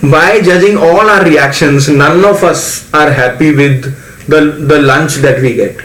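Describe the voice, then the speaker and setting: A man's voice: on the high side, steady tone, a little slow, a bit bright. A man moderating a casual group discussion, repeating answers back as he probes. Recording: echoey room, faint ambience.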